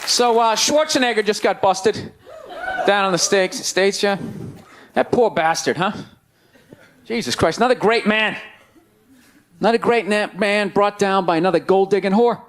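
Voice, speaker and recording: Male stand-up comic, forties, loud sarcastic rant delivery, high-pitched voice, live room with faint crowd noise. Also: normal speed, long pauses. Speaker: stand-up comedian. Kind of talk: stand-up routine. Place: comedy stage before a live audience. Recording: live show with crowd laughter.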